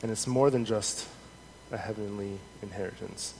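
A man preaching a sermon in an earnest, measured way, reading scripture aloud with rising emphasis. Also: fairly low pitch, fairly even intonation, vocal fry, darkish tone. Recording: long hall reverb, faint noise.

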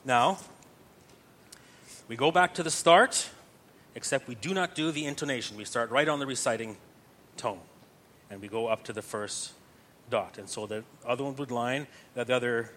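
A man's voice: mid-range voice, moderate pace, long pauses, a bit bright, slight background noise. A man teaching psalm chanting step by step, patient and explanatory, often checking that listeners follow.

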